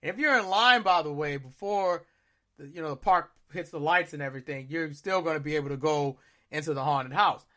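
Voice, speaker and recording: Lively, bright-voiced man in his thirties. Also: on the high side, brisk. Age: 30s. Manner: animated, acts out his own reactions with loud shouts. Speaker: podcast co-host. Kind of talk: casual storytelling.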